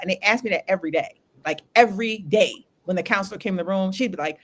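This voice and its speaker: A woman hosting a candid podcast conversation, telling her story in an animated, laughing way with casual slang. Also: medium pitch, fast, few pauses. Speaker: podcast host.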